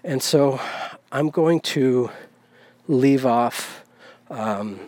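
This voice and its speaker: A man's voice: medium pitch, extremely slow, a little mellow, no echo. A man hosting a podcast, talking in a loose, rambling way with many fillers and self-corrections while he walks outdoors. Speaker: podcast host. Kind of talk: casual spoken monologue. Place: outdoors, on a walk down a village street. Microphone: handheld recorder.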